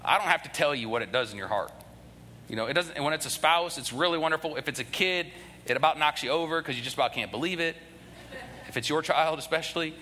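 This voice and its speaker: A man's voice: on the high side, sharp tone. A man who is a pastor preaching a sermon in church, earnest, often restarting and repeating words. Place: church sanctuary. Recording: long hall reverb, faint noise.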